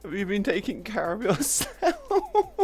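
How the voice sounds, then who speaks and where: A woman's voice: mid-range voice, huge pitch swings, slow, a little mellow, soft background music. A woman streamer in casual livestream chat who laughs often and swears freely as she teases her friends.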